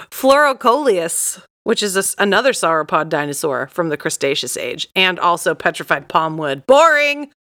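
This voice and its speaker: A woman's voice: lowish voice, lively intonation, normal speed, sharp tone. A woman from Texas chatting casually as a co-host, giggly and playfully teasing. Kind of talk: casual chat.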